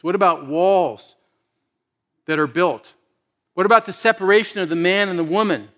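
A pastor with a high, bright voice leads a sermon. He keeps it conversational, asks his listeners questions and laughs often.

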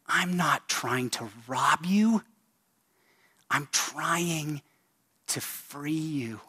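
Grave old male wizard, slow whispery menace, commanding, voiced by a man. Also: fairly high pitch, sharp tone, slightly rough, full character voice. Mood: stern.

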